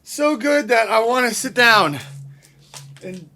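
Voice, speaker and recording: A man's voice: very high-pitched, lively intonation, slow pace, bright, forceful tone. A man hosting a children's library storytime, playful and upbeat, leading sing-along songs and reading a picture book aloud. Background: his own acoustic guitar.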